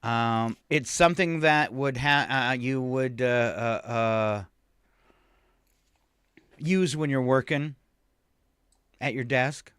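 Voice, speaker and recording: A man's voice: mid-range voice, takes it slowly, long pauses, a bit bright, smooth, no room sound. A man co-hosting a morning radio show, teasing and laughing often during playful on-air banter in a radio studio.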